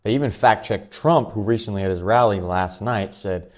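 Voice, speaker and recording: A man hosting his own commentary vlog, talking quickly and offhandedly with chuckling asides. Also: fairly low pitch. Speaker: channel host.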